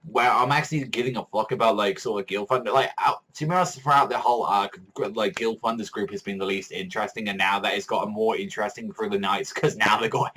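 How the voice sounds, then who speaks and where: Young guy ranting about a manga chapter, swears a lot, kinda low voice, all hyped up. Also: rough recording. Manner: profane, excitable, rambling with many fillers. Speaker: manga reviewer. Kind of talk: casual video review.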